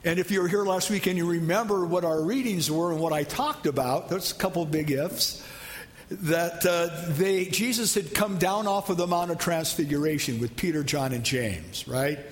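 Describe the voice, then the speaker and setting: Pastor, male, high voice, chatty sermon style, long hall reverb. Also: moderate pace. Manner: conversational, asks the congregation questions.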